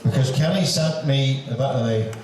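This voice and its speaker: A man's voice: mid-range voice, moderate pace, slight background noise. A man with a Northern Irish accent compering a concert on stage, joking and chatty with the crowd. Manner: joking, chatty, puts on broad dialect. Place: large hall with live audience. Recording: echoey hall from far off.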